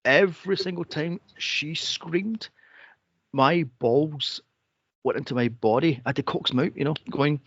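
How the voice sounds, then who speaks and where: A man co-hosting a film podcast, sarcastic and profane, mocking characters with shrill impressions. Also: unhurried, fairly bright tone, no room sound. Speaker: podcast co-host reviewing a film. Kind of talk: casual chat. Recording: dull lo-fi dry podcast audio.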